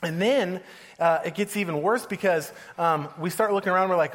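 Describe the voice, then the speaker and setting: A man's voice: sits high, animated, fairly quick, a bit bright. A man in his thirties giving a casual, joking sermon, often laughing as he talks. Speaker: pastor. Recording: long hall reverb.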